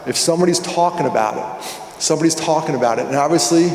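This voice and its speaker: A middle-aged man giving a keynote talk at a conference, telling a story with lively energy and acting out both sides of phone calls. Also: a little high, quick pace. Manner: animated, acts out phone dialogues. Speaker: conference speaker. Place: large hall. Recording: echoey hall with long reverb.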